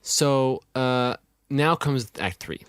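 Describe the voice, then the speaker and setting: A man's voice: mid-range voice, animated, takes it slowly, fairly bright tone, clear, resonant tone, no echo. A man co-hosting a podcast, making wry, teasing remarks in casual chat. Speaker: podcast co-host.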